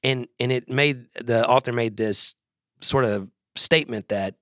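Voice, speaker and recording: A Southern US man talks as a podcast guest at a middle pitch. He rambles and pokes fun at himself in relaxed chat. The sound is dry and close. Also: unhurried, dry recording. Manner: self-deprecating, rambling.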